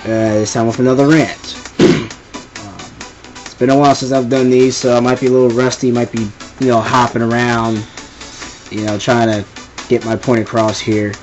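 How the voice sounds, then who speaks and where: An exasperated young man delivers a casual rant, wandering off track and circling back to his point. His voice sits at an ordinary middle pitch. Faint music plays underneath. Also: flat delivery, normal speed, darkish tone, dull audio. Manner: exasperated, rambling, repeats himself. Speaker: vlogger ranting.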